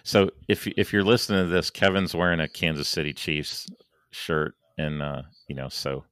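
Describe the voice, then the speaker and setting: A man from Saint Louis, a podcast guest talking casually in halting starts and restarts, his voice going hoarse. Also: a bass voice, level tone, a bit bright, no echo, studio quality. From Saint Louis, USA. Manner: halting, many restarts and fillers. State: losing his voice. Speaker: guest, engineer and planner.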